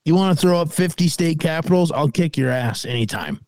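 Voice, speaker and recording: Casual podcast co-host, male, from the United States, animated pitch, dry close sound, playful banter. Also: a little fast, no room sound. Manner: joking, self-mocking banter. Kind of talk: casual chat.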